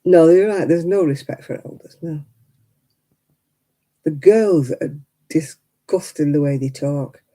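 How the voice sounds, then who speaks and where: A woman's voice: low-pitched, takes it slowly, long pauses, warm tone, poor audio. An older woman chatting on her craft livestream, ranting indignantly and rambling with plenty of fillers. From United Kingdom. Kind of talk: casual chat while crafting.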